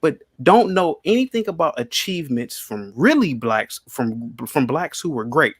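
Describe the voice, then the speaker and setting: A man's voice: fairly high pitch, very animated, normal speed, slightly rough, no echo. Heated podcast host guy, argues hard, voice swings up and down a lot, dry studio sound. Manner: argumentative, repeats questions insistently. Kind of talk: heated debate. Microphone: studio microphone.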